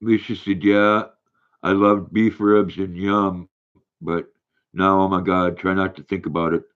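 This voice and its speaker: An older man hosts a casual livestream, rambling from one thought to the next. His voice sits low and a little dull, as if through a lo-fi mic. He halts and restarts often while reading comments aloud. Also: little pitch movement, fairly bright tone, clean tone. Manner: rambling, halting, reads viewer comments aloud. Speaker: livestream host reading chat.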